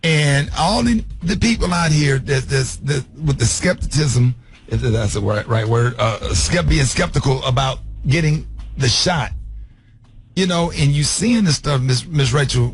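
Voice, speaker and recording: A man hosting a radio morning show, asking questions with frequent restarts. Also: mid-range voice. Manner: halting, restarts often. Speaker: radio host. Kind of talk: radio interview.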